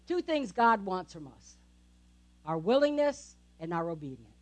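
A woman's voice: medium pitch, big pitch swings, a little slow. A woman pastor giving a conversational sermon, often checking in with the congregation with tag questions.

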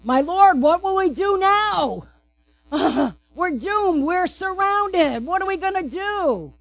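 A woman's voice: high voice, normal speed, dry recording, pitched above the performer's own voice, close to an everyday voice. A woman voicing a frightened young male servant who pleads and piles up worries. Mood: panicked. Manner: anxious, pleading, piling up worries.

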